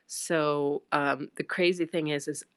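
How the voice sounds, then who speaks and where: A woman's voice: sits low, steady tone, slow, clean tone, no echo, clean studio sound. A middle-aged woman telling a rambling personal story on a phone livestream, full of fillers and acted-out quotes. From United States. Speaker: livestream host.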